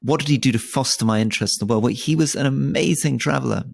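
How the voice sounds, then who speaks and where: A man's voice: medium pitch, quick pace, vocal fry. A man in his forties from Britain, co-hosting a casual conversation and often stammering and restarting his words. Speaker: podcast co-host.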